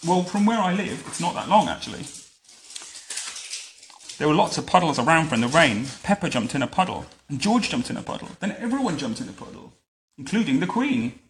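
A man's voice: on the high side, big pitch swings, fairly quick, echoey room, a little hiss or hum. A man reading a children's storybook aloud, adding dry, wry asides. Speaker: reader to a child.

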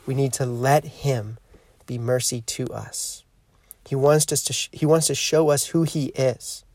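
A man hosting a podcast, giving a reflective spiritual teaching in a measured, earnest way that slows down to stress key points. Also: medium pitch, steady tone, a little mellow. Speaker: podcast host.

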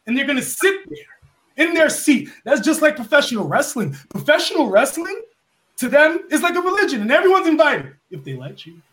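A man from New York giving an impassioned monologue full of rhetorical questions, swinging between loud and soft as a podcast guest. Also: extremely high pitch, big pitch swings, a little fast.

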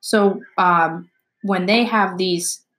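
A woman, a nurse co-hosting a casual chat, animated, laughing often and swearing now and then. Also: medium pitch, very slow. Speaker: nurse, co-host.

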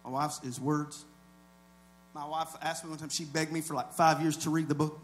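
A male pastor delivers a sermon, speaking conversationally to his congregation, sinking into quiet asides and rising to loud, shouted climaxes. His tone stays level at a moderate pace, with a faint hiss or hum on the recording.

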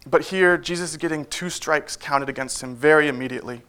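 A man preaching a sermon in a church, in a relaxed, conversational way with frequent fillers and wry asides. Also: a little high, fairly quick, clean tone.

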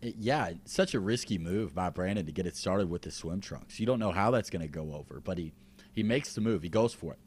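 A man's voice: low-pitched, a little fast, a little mellow, husky. A man co-hosting a podcast, talking in a laid-back, wry way with frequent restarts. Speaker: podcast co-host. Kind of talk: casual recap chat.

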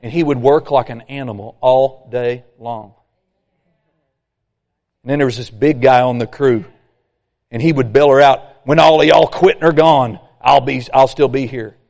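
A man preaching a sermon, folksy and animated, acting out complainers. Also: mid-range voice, normal speed, creaky. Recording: long hall reverb.

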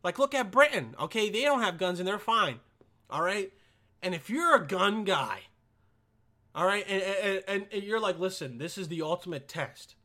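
High, bright-voiced young man ranting. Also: lively intonation, normal speed. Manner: profane, keeps asking "all right?"; stumbling repetitions. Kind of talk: casual profane rant.

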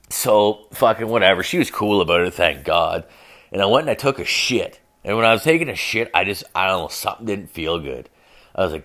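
A man's voice: lowish voice, lively intonation, brisk, a bit bright. A young man telling a story in a casual, rambling monologue, swearing constantly and saying "like" all the time. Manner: profane, rambling, heavy use of filler "like". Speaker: podcast host.

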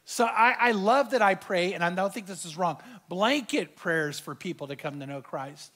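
A middle-aged male pastor delivers a sermon in a fairly high voice. He tells a personal story and acts out the quoted dialogue with animated energy. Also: normal speed.

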